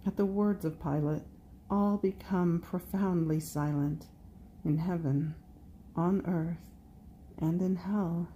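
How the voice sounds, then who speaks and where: A woman reading a devotional meditation in a slow, prayerful way, speaking directly to Jesus. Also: on the low side, fairly even intonation, mellow, a little hiss or hum. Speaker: devotional reader.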